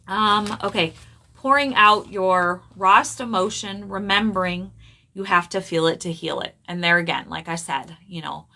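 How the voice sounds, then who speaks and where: A middle-aged woman speaks in a slightly low voice, giving a casual motivational talk. She is earnest and conversational, and often checks in with her listeners as she goes. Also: pushed and bright. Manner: conversational, earnest, with frequent tag questions. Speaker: spiritual speaker.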